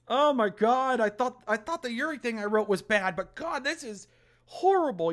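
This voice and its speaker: A man's voice: very high voice, animated, moderate pace, a bit bright. A man streaming a visual novel, reading its text aloud and commenting with sarcastic exasperation. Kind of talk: live game commentary.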